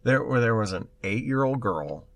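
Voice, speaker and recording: A man's voice: mid-range voice, moderate pace, vocal fry. A man co-hosting a casual tech podcast, telling stories animatedly and acting out the voices of the people in them. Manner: animated storyteller, acts out quoted voices. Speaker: podcast co-host.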